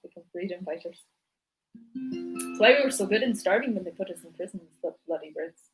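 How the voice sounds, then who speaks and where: A woman's voice: lowish voice, animated, fairly quick, over music. A woman hosting a livestream in casual chat, rambling and joking as she jumps from topic to topic. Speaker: livestream host.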